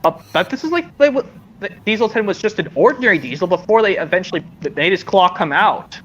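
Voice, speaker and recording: High, lively rambling man on a call. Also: quick pace, lo-fi sound, slight background noise. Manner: rambling, hesitant, with many restarts. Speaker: streamer. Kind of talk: casual chat.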